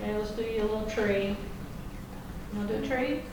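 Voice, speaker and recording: A woman's voice: medium pitch, fairly even intonation, normal speed, noisy background. A woman teacher giving a classroom lecture, folksy and chatty, checking in with the class. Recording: echoey classroom from far off.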